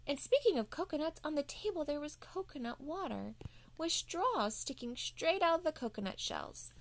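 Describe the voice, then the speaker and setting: A woman's voice: high voice, lively intonation, moderate pace. A woman telling a playful bedtime story to children as the show's host.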